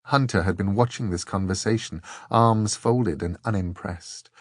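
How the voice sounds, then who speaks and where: A man narrating an audiobook in a measured, expressive way. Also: lowish voice, dry recording, studio quality.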